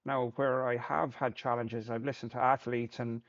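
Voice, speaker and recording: A man's voice: medium pitch, little pitch movement, normal speed, highs cut off. A man, a Paralympic sport shooter, talking through his thoughts in a plain-spoken reflective monologue, often repeating words as he thinks.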